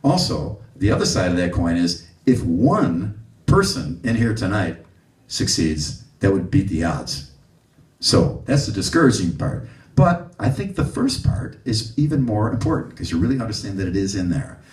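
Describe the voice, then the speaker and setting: A low-voiced man speaks to a live clinic audience, telling stories with lively acted-out quotes. The sound is roomy and picked up from a distant mic. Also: moderate pace. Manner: animated storyteller, acts out quotes. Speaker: bass clinician. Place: room with an audience.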